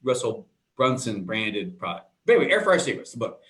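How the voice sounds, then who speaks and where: A man's voice: mid-range voice, very animated, brisk, fairly bright tone. Rambling man telling casual stories. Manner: rambling storyteller, goes off on tangents; acts out quoted voices in his stories. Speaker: co-host of a live web show. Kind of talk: casual chat.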